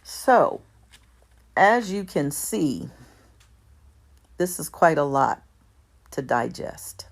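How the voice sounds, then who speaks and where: A woman reading a document aloud in a measured, deliberate way, speaking even the formatting marks and pausing to correct herself. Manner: reads out formatting marks like "all caps" and "lowercase"; measured, deliberate delivery with small self-corrections. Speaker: commentator.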